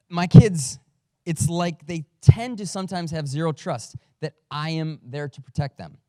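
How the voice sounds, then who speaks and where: A man's voice: fairly high pitch, dark tone, dry recording, clean studio sound. A man who is a father, a pastor giving a conversational sermon with storytelling and self-deprecating humor. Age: adult father.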